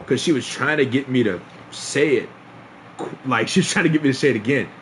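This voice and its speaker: A man's voice: medium pitch, brisk, a little hiss or hum. A young man streaming a casual storytime, laughing often and restarting his sentences in slangy talk.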